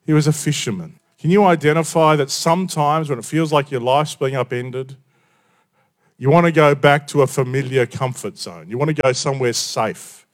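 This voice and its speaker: A man preaching a sermon in a conversational storytelling way, often dropping quiet for emphasis. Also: mid-range voice, normal speed.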